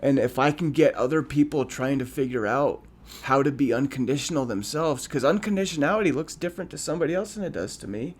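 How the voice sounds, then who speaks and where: Guy cohosting a podcast, earnest and kinda halting, lots of ums and restarts, middle-pitched voice. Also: expressive. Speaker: podcast co-host. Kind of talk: reflective podcast conversation.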